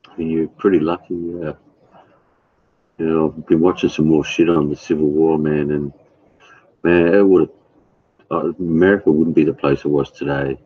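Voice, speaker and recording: A man chatting casually with his live stream viewers, blunt and profane, halting with fillers. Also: extremely low pitch, steady tone, slightly rough, no echo, dull audio. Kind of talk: casual chat.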